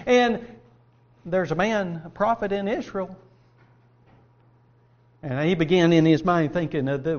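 A man's voice: high voice, lo-fi sound. A man preaching a sermon and reading scripture aloud, earnest and folksy, asking his listeners rhetorical questions.

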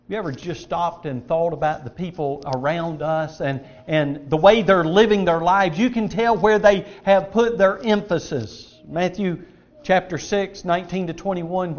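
Man, middle-aged, high voice, emphatic sermon delivery, dull lo-fi sound. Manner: earnest, emphatic preaching with varied loudness and pace. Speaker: preacher.

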